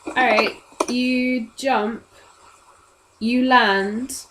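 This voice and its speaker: A woman's voice: a little high, steady tone, drawn-out words, noisy background. Chatty woman running a tabletop game. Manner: casual, chatty, laughs often. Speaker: game master.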